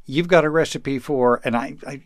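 A man's voice: mid-range voice, normal speed. Joking male radio host. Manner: joking, teasing, stumbles over words. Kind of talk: casual radio interview.

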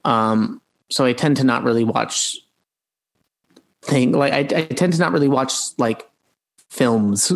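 A man, an actor, answering interview questions casually, halting with many fillers and restarts. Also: medium pitch, gravelly, poor audio.

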